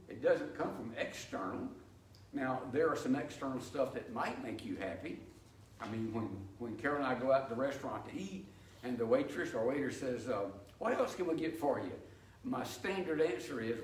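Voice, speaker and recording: An older man with a mid-range, slightly mellow voice and lively intonation teaches a church Bible study at a moderate pace, explaining things folksily and sharing homey anecdotes. It was recorded in a church sanctuary, so the sound is echoey and distant with faint ambience and a little hiss or hum.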